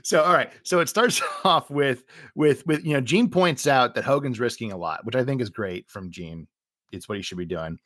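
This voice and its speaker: A man co-hosting a podcast in casual chat, retelling scenes in an animated way with frequent laughter. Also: mid-range voice, normal speed, no echo, clean studio sound. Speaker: podcast co-host.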